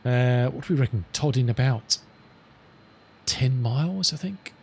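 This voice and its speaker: A man's voice: mid-range voice, expressive, gravelly, a little mellow, a little hiss or hum. Chatty man streaming a flight sim. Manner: chatty, rambling, self-amused, reads radio calls slowly. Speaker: live streamer. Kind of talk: casual chat with viewers while flying.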